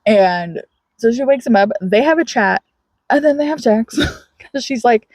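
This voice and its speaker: Animated, husky-voiced woman recapping a book. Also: fairly high pitch, unhurried, dry recording. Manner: animated storytelling with frequent laughter and acted-out quotes. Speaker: podcast co-host. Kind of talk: casual book recap chat.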